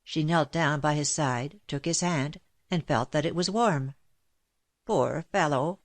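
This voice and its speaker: A woman narrating a classic novel as an audiobook in a steady, measured reading. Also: low-pitched. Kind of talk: scripted narration.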